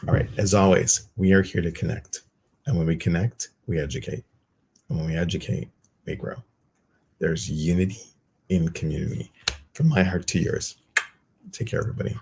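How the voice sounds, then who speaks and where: Gravelly low-voiced man hosting a livestream. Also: normal speed, pauses often, a little mellow. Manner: chatty, loose, self-teasing. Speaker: meditation group host. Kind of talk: casual livestream announcements.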